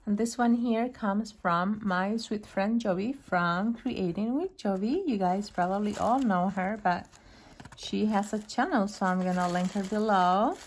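A woman hosting her own craft channel, casually unboxing a gift and gushing over each item with soft, admiring remarks and frequent fillers. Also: mid-range voice, unhurried, husky.

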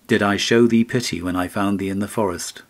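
An actor reading an audiobook, voicing an old woodcutter who speaks in a grave, rebuking way. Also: male voice, on the low side, fairly even intonation, a little fast. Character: stern, kindly old woodcutter.

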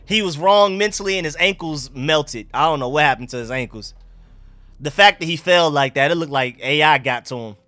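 Excitable high-voiced man reacting live. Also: a little fast, dry recording. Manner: excitable, joking, talks to chat. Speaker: sports fan livestream host.

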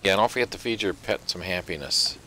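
Deep, lively-voiced man gaming. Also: brisk. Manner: easygoing, humming and musing aloud. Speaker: gamer co-playing online game. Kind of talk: casual gameplay chat.

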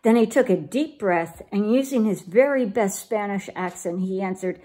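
A woman reading a children's storybook aloud to girls in an expressive, storytelling manner. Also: mid-range voice, normal speed, few pauses. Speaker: children's program leader.

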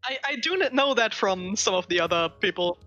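A woman with a German accent, making quick remarks in casual game chat. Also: mid-range voice, expressive, bright, forceful tone, muffled recording, faint music behind.

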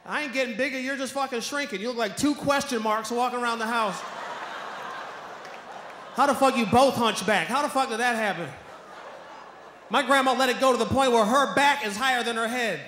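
A man from Washington, D.C., doing stand-up comedy, profane and animated, often shouting. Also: very high-pitched, brisk, slight background noise. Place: comedy stage. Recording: echoey hall, live stage.

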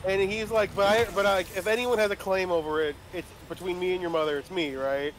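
A man's voice: high voice, fairly quick. A young man telling a long story to friends in casual chat, with lots of restarts. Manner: rambling, animated storytelling with restarts.

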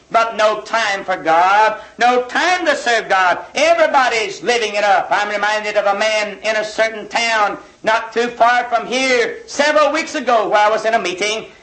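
Impassioned high-voiced preacher, roomy old LP. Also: male voice, sharp tone. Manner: impassioned, pleading rhetorical questions with repetition. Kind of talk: revival sermon. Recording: roomy 1960s vinyl sermon recording.

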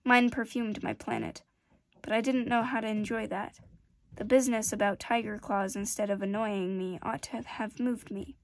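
A woman's voice: medium pitch, fairly even intonation, normal speed, close to an everyday voice. A woman voicing a small, earnest boy prince who speaks with tender, pleading sincerity. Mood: wistful.

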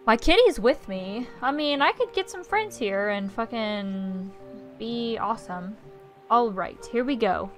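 Young woman gamer, casual and blunt, higher voice, music underneath. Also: lively intonation, a little slow. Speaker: gaming YouTuber. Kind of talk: let's play commentary.

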